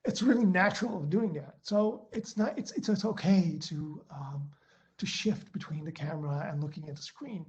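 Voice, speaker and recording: A man's voice: high voice, expressive, fairly quick, darkish tone. A man giving a presentation on a webinar, talking into his laptop's built-in mic, full of ums, uhs and restarts. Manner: hesitant, many fillers and restarts. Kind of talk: online presentation talk. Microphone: laptop built-in mic on a video call. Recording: dull lo-fi video-call audio.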